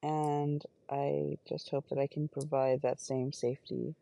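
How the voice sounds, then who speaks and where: A woman's voice: sits low, little pitch movement, unhurried, vocal fry, dark tone, low-quality recording. A woman recording a casual stream-of-consciousness audio journal on a phone voice recorder while sitting in a car, chatting along with many fillers and self-corrections. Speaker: podcast host.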